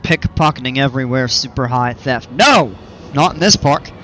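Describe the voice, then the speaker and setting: A man's voice: mid-range voice, moderate pace, pushed and bright, a little hiss or hum. A man streaming a park-building game, chatting casually with viewers and rambling off on tangents. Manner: rambling, chatty, explains at length. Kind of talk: casual livestream chat while playing.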